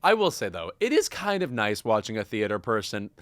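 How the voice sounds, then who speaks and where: Wry chatty man with a lively voice. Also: on the low side, brisk, no room sound. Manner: wry, chatty, full of fillers and asides. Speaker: podcast co-host. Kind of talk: casual pop-culture chat.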